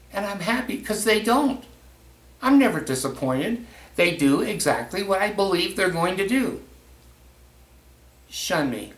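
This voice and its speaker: A man's voice: medium pitch, pushed and bright, recorded from a distance. A middle-aged man ranting to camera in a blunt, profane, bitterly sarcastic way. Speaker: vlogger. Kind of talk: angry personal rant to camera. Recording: echoey room, set back from the mic.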